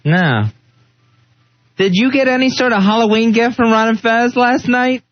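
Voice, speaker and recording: A man's voice: extremely high pitch, normal speed, lo-fi sound. A male radio co-host bantering casually in a giggly, sing-song, joking way.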